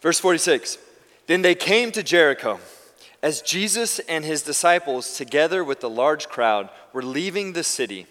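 A male pastor with a fairly high, fairly bright voice preaches a conversational sermon in a church sanctuary, where a long reverb tail follows his words. He often restarts his sentences.

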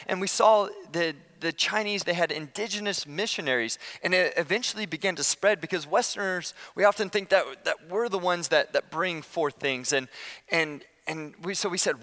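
A man preaching a sermon as pastor, impassioned, swinging from loud declarations to hushed, slow appeals. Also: high voice, in a large hall.

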